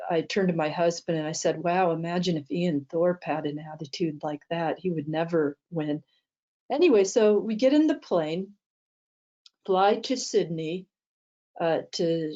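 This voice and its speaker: A woman's voice: on the low side, dark tone, lo-fi sound. A woman teaching a mindset talk, telling an anecdote with many fillers and restarts. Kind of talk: storytelling talk to an audience.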